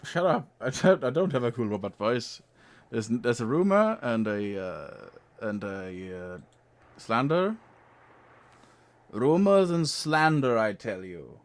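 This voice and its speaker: A man running an online tabletop game as game master, halting and full of fillers, joking at his own expense. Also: medium pitch, very animated.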